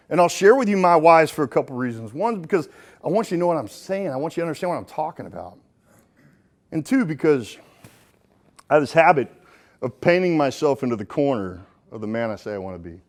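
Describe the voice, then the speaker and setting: A middle-aged man giving a live motivational keynote on stage, folksy and joking, swinging between punchy lines and hushed ones. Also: mid-range voice. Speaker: motivational speaker. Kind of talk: live keynote speech to an audience. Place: stage in front of a live audience.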